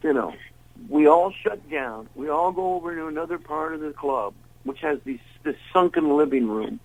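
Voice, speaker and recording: A man's voice: fairly high pitch, big pitch swings, normal speed, creaky, poor audio. An older man, a blues singer interviewed as a guest, telling rambling anecdotes and acting out the voices of people in them. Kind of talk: casual storytelling interview.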